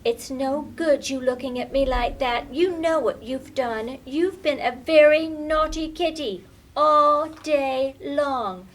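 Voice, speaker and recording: A woman voicing a little girl who scolds her naughty pet in a high, loud, exclaiming voice. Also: slow pace, a little hiss or hum. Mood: scolding.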